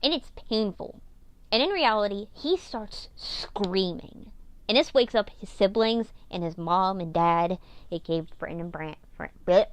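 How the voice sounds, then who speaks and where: A woman's voice: medium pitch, moderate pace, clean tone, dry recording. Rambling, self-mocking woman telling a story. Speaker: storyteller recapping her old series. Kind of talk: casual storytelling.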